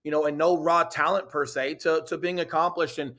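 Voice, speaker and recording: A man's voice: fairly high pitch, fairly even intonation, fairly quick, a bit bright. A man in a casual interview, earnestly telling his story with lots of "you know" and "right?". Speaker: podcast guest, real estate team leader.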